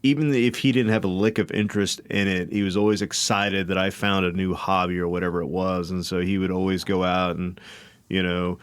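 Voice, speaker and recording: A man co-hosting a podcast, recalling a memory in an unhurried, laid-back way. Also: deep voice, level tone, clean tone, dry recording. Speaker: podcast co-host. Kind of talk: casual chat.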